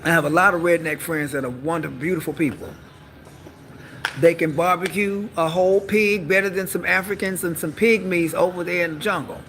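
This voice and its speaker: Brief: woman, live-stream comic, brassy bright tone with fry, bawdy and sassy. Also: fairly low pitch, fairly even intonation, a little fast, slight background noise. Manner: sassy, bawdy, calls listeners honey. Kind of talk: stand-up style live-stream monologue.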